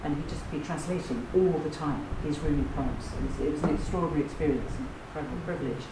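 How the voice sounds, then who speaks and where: A woman voice teacher leads a workshop in a fairly low voice. She is playful and self-deprecating, and she slips into sung vowels between her words. The room is roomy and echoing, she stands back from the mic, and a steady noise runs underneath. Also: fast talker. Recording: echoey room heard from a distance.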